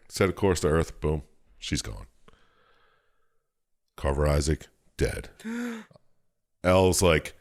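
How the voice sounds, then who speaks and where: A man's voice: sits low, big pitch swings, takes it slowly, long pauses. A man co-hosting a podcast, retelling a game's plot in profane, joking casual chat. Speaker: podcast co-host.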